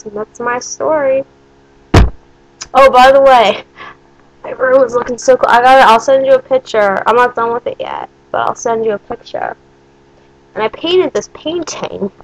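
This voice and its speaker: A woman's voice: on the high side, poor audio. A young woman vlogging, telling a story in a rambling way with lots of swearing and bursts of disbelief. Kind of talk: casual storytime monologue.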